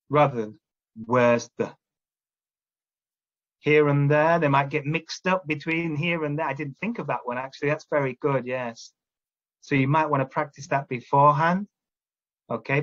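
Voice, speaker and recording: A man's voice: fairly high pitch, fairly bright tone, dull audio. A man training teachers, explaining classroom steps and checking in often with "all right?". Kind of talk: instructional talk to teachers.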